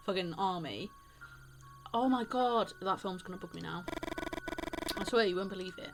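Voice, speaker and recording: A woman's voice: lowish voice, normal speed, pauses often, rough recording. A woman streaming a narrative game live, reading its text aloud and breaking off into casual, sweary asides. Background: loud game music.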